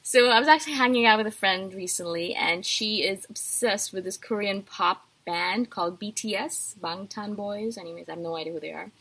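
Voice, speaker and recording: A woman's voice: mid-range voice, brisk, hardly any pauses, fairly bright tone. A woman hosting her own podcast, talking casually and animatedly in a chatty, self-deprecating way. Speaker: podcast host. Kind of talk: casual solo talk.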